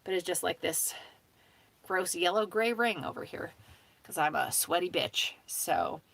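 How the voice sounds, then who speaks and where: Low-voiced chatty woman, swearing casually. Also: animated, a little slow, creaky, fairly bright tone. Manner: rambling, chatty, swears casually, laughs often. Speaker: host of a sewing hangout stream. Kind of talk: casual chat.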